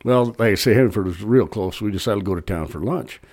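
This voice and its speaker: An older man with a lowish voice tells rambling, folksy stories as a podcast guest. He cusses freely and laughs through his own tales. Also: fast, a little mellow. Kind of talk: casual storytelling.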